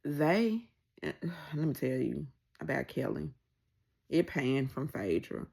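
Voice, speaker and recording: Gravelly woman chatting a TV recap. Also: takes it slowly. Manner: animated, acts out quoted lines with pitch jumps. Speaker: reality TV recap vlogger. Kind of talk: casual recap chat.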